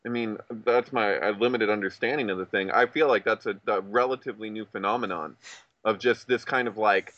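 A man of middling pitch speaks in a measured, emphatic way in a casual conversation. The audio is dry and a bit dull, with the top end rolled off. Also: steady tone, a bit bright, no room sound.

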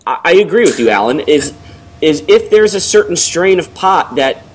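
A middle-aged man co-hosting a casual talk, rambling and hesitant, with many pauses and ums. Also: fairly high pitch, very animated, a little hiss or hum. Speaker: podcast co-host. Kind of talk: casual conversation.

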